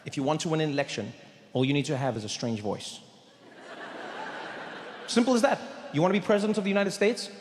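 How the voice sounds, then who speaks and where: A middle-aged man doing an animated stand-up comedy routine, often slipping into voices and impressions. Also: fairly high pitch, fast, long pauses. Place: large comedy venue. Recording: echoey venue with long reverb and faint noise.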